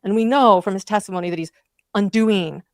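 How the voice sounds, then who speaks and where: A woman's voice: medium pitch, a little fast, dry recording, clean studio sound. A woman commentating on a trial, recounting events in vivid, emotional detail. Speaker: true crime commentator.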